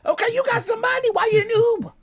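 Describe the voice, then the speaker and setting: A man hosting a radio talk show, telling stories in loud, animated casual chat full of swearing. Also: very high-pitched, rapid-fire.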